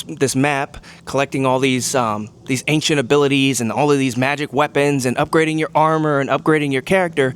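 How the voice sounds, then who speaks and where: Rambling man with a mid-range voice. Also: medium pitch. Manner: rambling, full of "um" and "you know". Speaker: vlogger. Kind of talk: casual motivational monologue.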